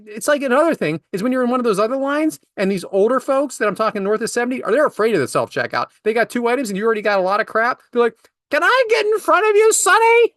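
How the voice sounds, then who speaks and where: A man's voice: extremely high pitch, expressive, very fast, hardly any pauses, fairly bright tone, dry recording, clean studio sound. Exasperated man ranting through stories. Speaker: podcast co-host. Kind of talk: casual comedic storytelling.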